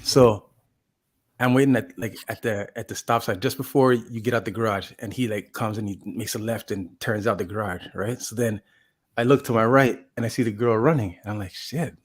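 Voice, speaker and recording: A man's voice: fairly low pitch, fairly even intonation, a little fast. A man casually telling a long story on a podcast, rambling with lots of fillers and restarts and acting out what people said. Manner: rambling, full of "like" and restarts, acts out quotes. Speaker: podcast co-host.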